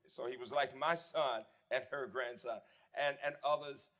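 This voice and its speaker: A man in his seventies, a former dean, giving a reflective memorial tribute and reminiscing warmly with some restarts. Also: medium pitch, fairly even intonation, unhurried. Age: 70s. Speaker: eulogy speaker, former dean. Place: memorial service.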